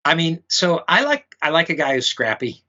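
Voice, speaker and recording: A man's voice: on the high side, big pitch swings, moderate pace, bright, forceful tone, muffled recording. A man, a musician guest, chatting casually in an interview, rambling with many fillers and restarts. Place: home room with memorabilia.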